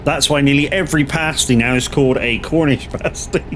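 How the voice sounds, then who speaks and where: This man streams games and talks in a mid-range voice, a little fast, with a West Country accent from Southwest England. There's a bit of hiss or hum as he casually reads out chat and replies to viewers in a relaxed way.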